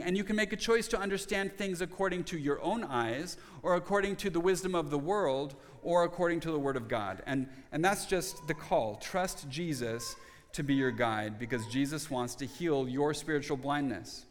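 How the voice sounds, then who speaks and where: A man's voice: on the high side, lively intonation, normal speed. A middle-aged man preaching a sermon as a pastor, earnest, often repeating words as he restarts a thought. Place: church sanctuary. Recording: long reverb of a church hall.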